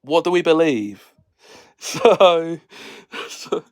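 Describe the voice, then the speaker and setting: A man's voice: fairly high pitch, animated, drawn-out words. A man hosting a casual solo video, jokey and sarcastic, laughing often between lines. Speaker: video host.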